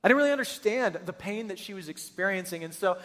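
A middle-aged pastor with a high-pitched, animated, slightly bright voice preaches fast to hundreds of people in a church auditorium. He tells stories in an emphatic, earnest way, and the large hall adds a long reverb.

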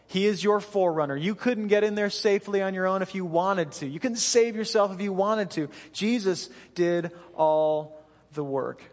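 A man pastor with a high voice preaches from a church stage, his words trailing into the long reverb of a large hall. He tells self-deprecating stories from his own life, animated and often laughing, in his thirties. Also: moderate pace. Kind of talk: sermon.

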